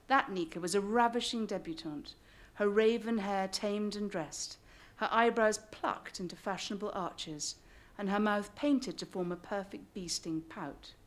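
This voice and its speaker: An English woman reads from her own memoir to a live audience. Her pitch sits in the middle of the range, and she breaks off now and then for dry, joking asides. She tells the story in a wry, anecdotal way. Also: normal speed, few pauses. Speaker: author.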